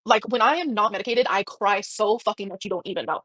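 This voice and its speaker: A fast-talking woman with a mid-range, fairly bright voice tells a personal story on a livestream in casual chat. She rambles emotionally, using many fillers, and there is no room sound.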